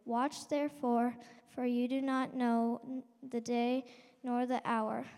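A woman reads scripture aloud slowly, her voice smooth and resonant and held almost level in pitch. A long reverb carries it, as in a large church. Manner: slow, even, measured reading. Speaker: scripture reader.

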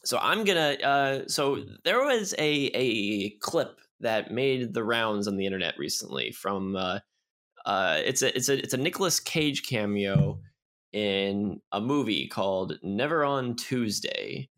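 A man's voice: lowish voice, lively intonation, a little slow, fairly bright tone. A man co-hosting a podcast in casual chat, joking, laughing often and repeating words as he thinks. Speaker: podcast co-host.

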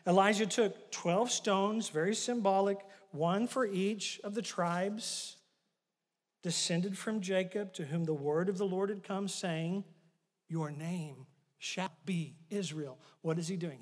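A male pastor preaching a sermon, retelling a story with animated swings from loud bursts to hushed asides. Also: sits high, a little slow, big-room sound.

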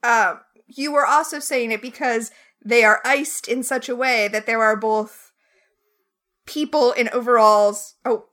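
A woman's voice: fairly high pitch, fairly even intonation, measured pace, fairly bright tone. A woman co-hosting a casual podcast chat, recapping a TV episode with opinionated, wry asides. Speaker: podcast co-host.

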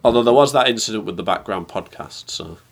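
A man's voice: on the low side, fast. A man co-hosting a casual podcast, trading dry jokes and banter. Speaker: podcast co-host.

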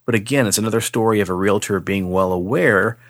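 A man co-hosting a podcast, telling a spooky story in a casual, animated way, swearing freely and acting out the voices. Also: fairly low pitch, fast talker, no room sound, clean studio sound.

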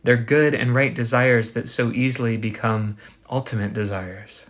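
Guy preaching a sermon, mid-pitched voice, earnest, lots of rhetorical questions. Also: steady tone, fairly bright tone. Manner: earnest, builds with rhetorical questions and slow pauses. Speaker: pastor.

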